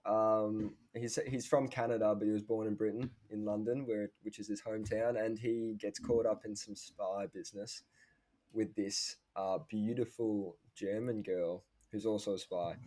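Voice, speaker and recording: A man's voice: lowish voice, darkish tone. A teenage boy, a school drama student chatting casually as a podcast guest and rambling through a plot retelling. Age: teens.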